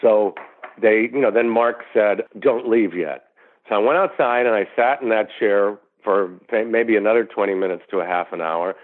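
Brief: low-pitched male actor, lively anecdote teller, tinny phone-line sound. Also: moderate pace. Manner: animated storyteller who acts out quoted voices. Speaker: actor guest. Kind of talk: storytelling interview anecdote.

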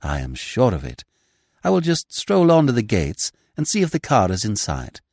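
A man's voice: on the low side, huge pitch swings, moderate pace, darkish tone, no echo, clean studio sound, heavily acted. A man voicing a sentimental middle-aged woman poet who fusses effusively over her companion. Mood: gushing. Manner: effusive, fussy, falsely solicitous.

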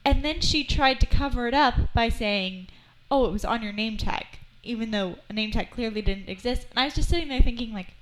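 A woman's voice: on the high side, fairly quick, few pauses, a little hiss or hum, poor audio. A woman co-hosting a casual TV recap chat, telling it animatedly and quoting the characters. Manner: animated storyteller, quotes characters. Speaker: podcast co-host.

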